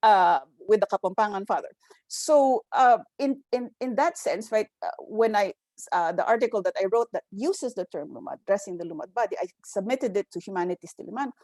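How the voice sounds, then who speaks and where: A woman's voice: medium pitch, animated, a little fast, darkish tone, dry recording. A Filipino woman in her fifties, an anthropologist on a roundtable panel, telling stories and often adding "right?" while mixing in Tagalog phrases. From Philippines, grew up in Quezon City. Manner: frequent "right?" tag questions, mixes in Tagalog phrases. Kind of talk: academic roundtable talk, storytelling.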